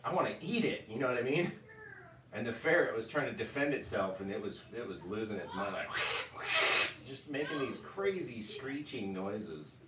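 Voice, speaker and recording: A man's voice: on the low side, animated, moderate pace. A man teaching painting live in a casual, rambling way, often drifting into stories. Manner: rambling, chatty, storytelling asides. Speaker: painting instructor. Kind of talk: casual live tutorial chat. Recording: echoey room, distant mic, faint noise.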